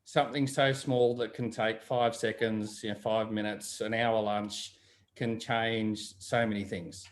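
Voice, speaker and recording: A man's voice: fairly low pitch, little pitch movement, measured pace. A man in casual chat, telling stories and acting out the voices of people he quotes. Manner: chatty storyteller, acts out quoted voices. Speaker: guest.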